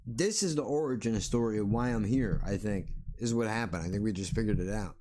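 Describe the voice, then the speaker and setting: A man's voice: fairly low pitch, fairly quick, dark tone. A man hosting a solo podcast, ranting bluntly and sarcastically with plenty of swearing. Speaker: podcast host.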